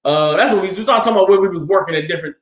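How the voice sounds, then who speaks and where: A man's voice: sits high, racing. A man in his thirties from the Washington, D.C. area, telling stories casually and animatedly as a class speaker. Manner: animated, colloquial, acts out quoted dialogue. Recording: roomy echo.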